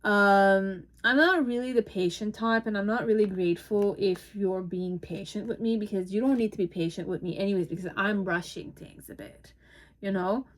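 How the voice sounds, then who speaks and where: A woman at a middle pitch talks through a tarot reading in a loose, casual way. She speaks as if she were the subject of the cards, correcting herself mid-sentence and drifting off. She keeps breaking into amused laughter. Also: normal speed. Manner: speaks in first person as the person the cards describe; loose and rambling, with frequent hesitations and self-corrections. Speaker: tarot reader.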